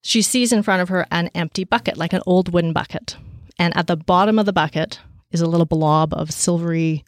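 A woman telling a story casually and with energy, with many fillers, and raising her pitch to act out the people she quotes. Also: fairly quick, no echo, studio quality. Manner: animated, acts out quoted voices at a higher pitch.

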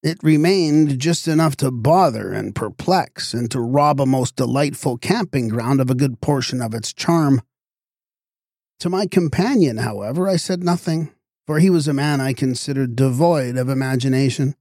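Male narrator, audiobook, measured expressive reading, gravelly voice, dry close recording. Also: medium pitch, dry recording. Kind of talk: audiobook narration of a literary story.

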